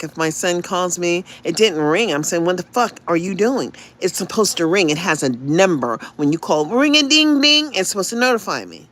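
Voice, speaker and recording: Woman podcast host, profane solo rant, very lively pitch, faint background noise. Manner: profane, animated, repeats refrains. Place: home.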